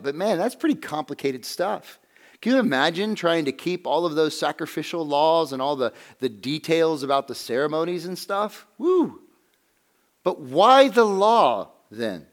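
A man with a slightly raised pitch teaches a Bible class. He talks conversationally, puts questions to the room and slows down to stress the main points. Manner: conversational, asks the class questions, stresses key phrases slowly.

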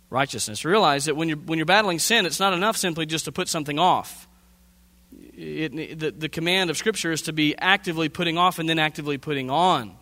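Male pastor, fairly high, bright sermon voice, earnest teacher posing rhetorical questions; long hall reverb.

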